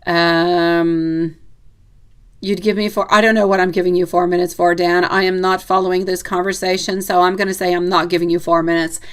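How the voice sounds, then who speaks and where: A woman's voice: lowish voice, little pitch movement, moderate pace, smooth. A woman hosting a live tarot reading stream, chatting casually with viewers, teasing and laughing often.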